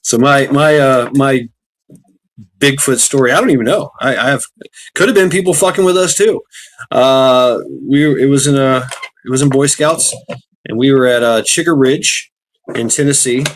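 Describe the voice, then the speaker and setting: A man hosting a podcast in casual chat, rambling with many halting restarts. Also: medium pitch. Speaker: podcast host.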